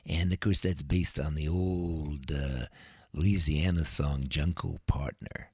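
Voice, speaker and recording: A man's voice: a bass voice, steady tone, slow pace, darkish tone, husky, no echo, clean studio sound. An older man hosting a radio show as DJ, chatting in a laid-back, rambling way with plenty of fillers. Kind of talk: casual radio chat.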